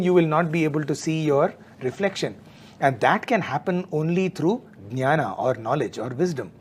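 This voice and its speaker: A man in a devotional discussion, explaining spiritual terms step by step. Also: a little high. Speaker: devotional talk speaker.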